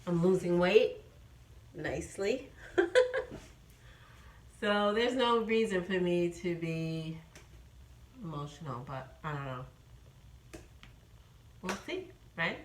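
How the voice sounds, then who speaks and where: Slow, low-voiced woman in her fifties. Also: reverberant, a little hiss or hum, low-quality recording. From New York. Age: 50s. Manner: chatty, rambling, many ums. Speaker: vlogger. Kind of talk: casual vlog update.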